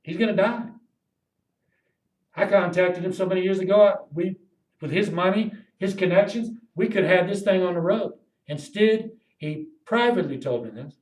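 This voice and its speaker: A man delivering a rambling, impassioned monologue to camera, cursing freely and swinging between loud outbursts and low muttering. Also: normal speed, roomy sound, rough recording. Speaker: video blogger.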